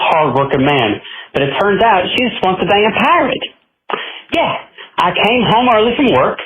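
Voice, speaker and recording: A man's voice: on the high side, fairly bright tone, highs cut off, slight background noise. A man calling in with a voicemail, complaining with mock-dramatic, exaggerated despair. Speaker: caller. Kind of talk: comic voicemail. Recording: phone voicemail line.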